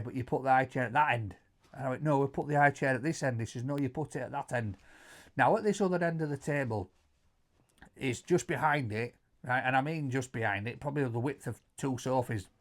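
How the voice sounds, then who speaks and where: A middle-aged man with a Yorkshire accent telling stories in casual chat, animated, stumbling over repeated words and loudly acting out quotes. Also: medium pitch. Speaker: co-host answering viewer questions.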